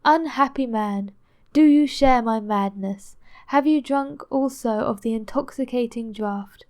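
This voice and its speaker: A woman reading the lines of a grief-stricken, despairing nobleman in an audiobook, delivering them louder and with feeling. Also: fairly high pitch, takes it slowly. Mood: anguished. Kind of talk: audiobook narration.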